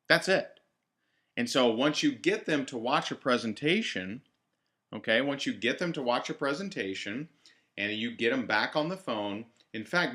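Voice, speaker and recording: A man's voice: mid-range voice, bright, forceful tone. A man giving a team training talk, coaching in a direct way and repeating his key phrases. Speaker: network marketing trainer.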